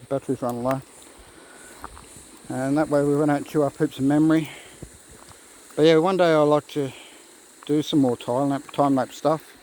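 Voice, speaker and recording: A man's voice: a little high, steady tone, moderate pace, pauses often, a little mellow, poor audio. A man chatting casually into a phone camera outdoors by a creek, rambling and talking to his dogs. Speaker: vlogger. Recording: faint outdoor background noise. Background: faint outdoor nature sounds.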